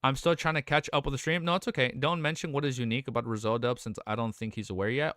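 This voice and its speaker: A man's voice: mid-range voice, fairly even intonation, quick pace, few pauses, fairly bright tone, no echo, clean studio sound. A young adult man live-streaming, chatting casually, rambling and swearing as he reads chat aloud.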